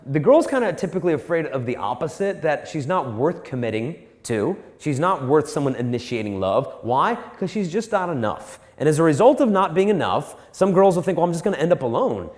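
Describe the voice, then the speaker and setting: Male speaker, lively and jokey, fairly high voice; live talk recorded with a long hall reverb. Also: a little fast, hardly any pauses. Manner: animated and joking, acts out quoted people. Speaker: Catholic speaker on dating and marriage. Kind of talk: live motivational talk to an audience.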